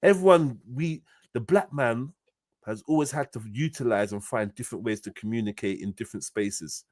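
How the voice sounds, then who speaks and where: A man in casual chat, animated and slang-heavy, dropping low and soft then rising loud and high. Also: normal speed, no echo. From United Kingdom. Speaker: livestream host.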